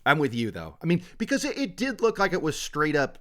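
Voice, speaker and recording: A man co-hosting a casual true-crime podcast, telling the story in an animated, profane way. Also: fairly high pitch, a little fast. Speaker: podcast co-host.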